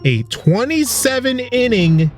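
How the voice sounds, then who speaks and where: A man's voice: very high-pitched, very animated, slow, faint music behind. Sarcastic man narrating game footage. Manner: sarcastic, joking. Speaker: video host. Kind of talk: comedic game commentary narration.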